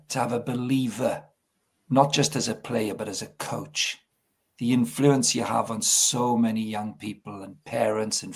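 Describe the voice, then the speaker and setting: Welsh guy in his 60s, gravelly husky voice, earnest and reflective, keeps restarting his words. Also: on the low side. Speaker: interview guest, sports ministry director. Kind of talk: reflective conversational interview.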